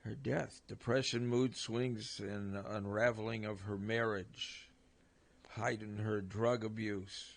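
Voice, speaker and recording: A man with a low, gravelly voice sits in as a regular on a relaxed sports radio show in the studio. He keeps his remarks dry and terse and reads facts out to the others. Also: slow. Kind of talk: casual sports radio chat.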